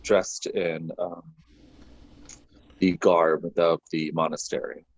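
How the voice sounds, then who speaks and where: A man playing in a tabletop game who speaks hesitantly, with many pauses. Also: deep voice, flat delivery, muffled recording, slight background noise. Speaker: player.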